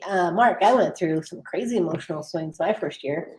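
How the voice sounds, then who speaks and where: A woman's voice: on the low side, moderate pace, darkish tone, a little hiss or hum. A woman co-hosting a recovery livestream, reading viewer comments aloud and chatting, laughing easily. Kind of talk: casual live chat.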